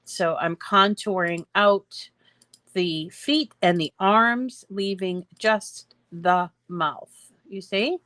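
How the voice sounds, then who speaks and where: Slow, chatty woman teaching a craft. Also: medium pitch, fairly bright tone, dry recording. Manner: chatty, explains step by step with fillers. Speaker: craft tutorial host. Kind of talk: screen-share craft tutorial.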